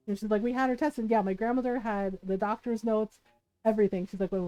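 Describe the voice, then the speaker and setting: A woman's voice: mid-range voice, fairly quick, dark tone. A woman streamer telling a long personal story in a casual way, laughing often and acting out the people she quotes. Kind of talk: casual storytelling while gaming.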